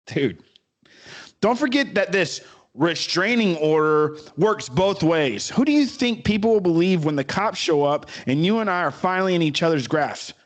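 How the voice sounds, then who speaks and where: A man co-hosting a podcast, chatting casually, joking and laughing often, and reading aloud a bit haltingly. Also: sits high, expressive. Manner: jokey, reads aloud haltingly. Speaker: podcast co-host. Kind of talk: casual chat.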